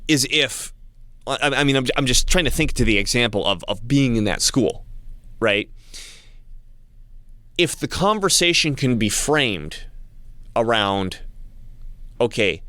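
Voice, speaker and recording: A man talking in a casual monologue to his channel's viewers, halting with frequent restarts and repeated words. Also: mid-range voice, expressive, pushed and bright, dry recording. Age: adult with young child. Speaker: channel host.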